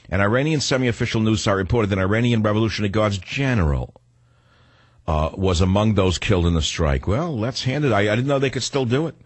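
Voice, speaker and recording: A man's voice: lowish voice, husky, no room sound. An older man hosting a talk radio show, delivering a combative, sarcastic monologue.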